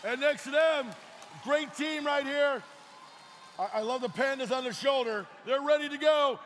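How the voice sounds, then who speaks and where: A man with a Baltimore accent emceeing a robotics event, hyping the crowd with shouted, folksy calls over a microphone in a large arena. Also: extremely high pitch, normal speed. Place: large indoor competition arena. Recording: echoey arena with long reverb and crowd. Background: crowd and arena noise.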